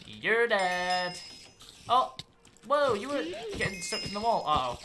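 Excitable woman streamer with a lively voice. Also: mid-range voice, measured pace, background noise. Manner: excitable, panicky outbursts and swearing. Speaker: game streamer. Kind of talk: live gameplay commentary.

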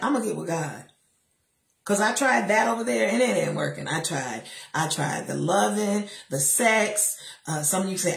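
A middle-aged woman giving a faith-based motivational talk from a chair, emphatic and sassy, with lively asides to her listeners. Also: mid-range voice, normal speed, creaky, reverberant. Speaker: motivational speaker. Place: seated in a chair.

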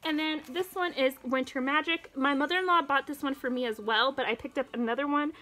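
Young mom vlogger, high voice, a bit breathless, chatty, noisy home recording. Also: female voice, fairly quick, pushed and bright. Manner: chatty, keeps breaking off to talk to her toddler. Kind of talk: casual show-and-tell chat. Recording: home video with background noise.

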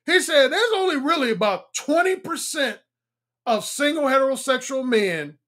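A fifties-aged man coaching on dating speaks bluntly during a livestream, hammering the same points again and again. His slightly bright voice alternates between a throaty high pitch and a resonant low one.

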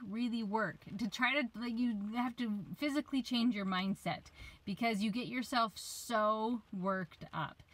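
A woman's voice: on the high side, fairly bright tone, no echo, rough recording. A woman in her thirties, a life coach, giving casual advice from her parked van, chatty and sometimes losing her train of thought. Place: parked van, rain outside.

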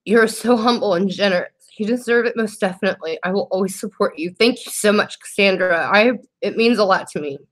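A woman's voice: mid-range voice, brisk, few pauses. A woman, chatting casually on a beauty livestream, emotional and grateful while reading viewers' comments. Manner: emotional, grateful, tearful at times. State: teary.

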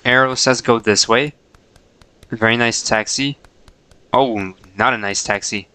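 Bright, crisp-voiced male game streamer. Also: medium pitch, fairly even intonation, a little slow, no echo, poor audio. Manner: playful, chuckling, talks to himself. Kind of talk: casual gameplay chatter.

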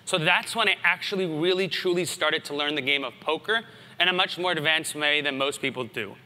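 A man in his thirties tells anecdotes from the stage of a big conference hall, and the voice rings back with a long reverb. His tone is very bright and forceful, a bit high for a man, and he keeps the talk lively with asides to the crowd. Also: a little fast. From United States. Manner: animated anecdotal storytelling with asides. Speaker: conference speaker. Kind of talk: storytelling keynote talk.

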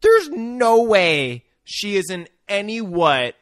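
Animated man bantering on a podcast. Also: sits high, takes it slowly, no echo, studio quality. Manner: animated, jokey banter with laughs. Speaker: podcast co-host. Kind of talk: casual movie recap chat.

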